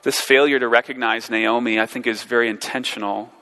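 A man delivers a sermon in a bright, forceful voice, earnest and searching. He often doubles back on his words and poses questions to the congregation. His voice rings with the long reverb of a large hall. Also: mid-range voice, steady tone, brisk. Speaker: preacher.

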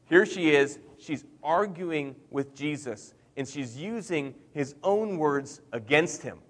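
A middle-aged man preaching a sermon in a conversational way, with emphatic swings in loudness. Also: on the high side, animated, slow, big-room sound. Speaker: pastor.

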